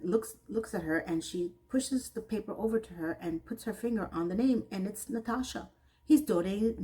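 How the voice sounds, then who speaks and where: In a low-quality recording, a medium-pitched woman casually recaps an episode of TV as a reviewer, regularly veering off into sarcastic, exasperated asides.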